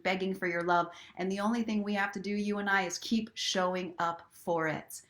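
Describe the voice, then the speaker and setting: Woman host, lowish pitch, casual motivational chat. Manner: chatty and encouraging, reads viewer comments aloud; slows down for soft affirmations. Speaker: host of a live story time stream. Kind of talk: casual live-stream talk with inspirational reading.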